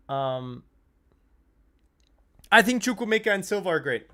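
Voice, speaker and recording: A man's voice: high-pitched, unhurried, pauses often. A young man hosting a live football watch-along stream, chatting casually, swearing freely and getting worked up over the play. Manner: excitable, swears freely, shouts and laughs at goals.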